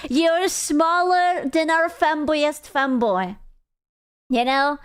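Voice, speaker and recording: Woman streamer, high and smooth voice, unhurried, blunt and teasing. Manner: blunt, self-deprecating, teasing. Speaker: streamer reacting to clips. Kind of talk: casual chat.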